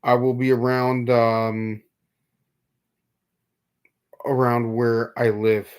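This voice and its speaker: A man's voice: mid-range voice, level tone, very slow, smooth. A young man from New York talking casually on a live stream, rambling, stumbling over repeated words and answering viewers. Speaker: livestream host.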